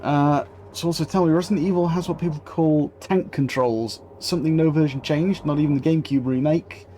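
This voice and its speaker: A man's voice: fairly high pitch, fairly even intonation, a little fast, mellow, slight background noise. Chatty streamer man. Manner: chatty, casual swearing, talks to chat. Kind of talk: live gameplay commentary.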